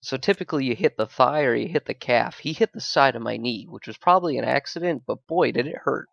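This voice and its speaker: A man's voice: mid-range voice, fast, gravelly, dry recording, lo-fi sound. A man co-hosting a podcast, telling his fight stories in casual chat, swearing, laughing and acting out the other people in them. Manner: animated, profane, laughing, acts out quoted voices. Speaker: podcast co-host, amateur Muay Thai fighter.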